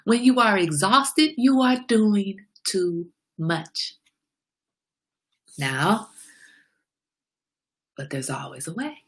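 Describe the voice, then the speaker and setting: A middle-aged woman hosting her own show, giving a candid, preachy motivational talk about slowing down. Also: mid-range voice, lively intonation. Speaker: host. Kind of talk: casual motivational monologue.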